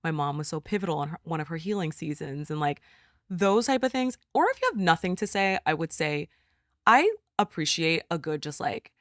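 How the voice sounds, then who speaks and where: A woman in her thirties, a podcast guest, telling stories in an animated, affirming way. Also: sits low, brisk, no room sound, studio quality. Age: 30s. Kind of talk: casual chat.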